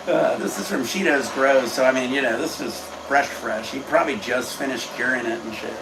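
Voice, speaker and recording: Laid-back gravelly man streaming from home. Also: mid-range voice, a little fast, hardly any pauses. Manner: rambling, laid-back, swears casually. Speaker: livestream host. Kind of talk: casual livestream chat. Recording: echoey room, faint background noise.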